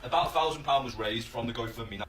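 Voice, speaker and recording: A man's voice: medium pitch, fast talker, fairly bright tone. A man ranting in a phone video, aggrieved and accusing someone. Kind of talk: phone video call-out rant. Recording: distant phone video with faint noise.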